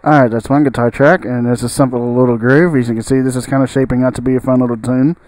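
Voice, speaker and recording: A man's voice: mid-range voice, flat delivery, quick pace, a little mellow, no room sound, low-quality recording. A man in a home studio giving a casual spoken tutorial, thinking aloud and often trailing off and restarting his sentences. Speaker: music tutorial host.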